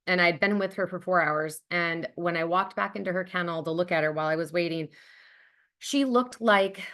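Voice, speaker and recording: A woman's voice: lowish voice, moderate pace, fairly bright tone. A woman giving a conversational webinar presentation about a dog charity program, enthusiastic and heartfelt, with frequent ums and likes.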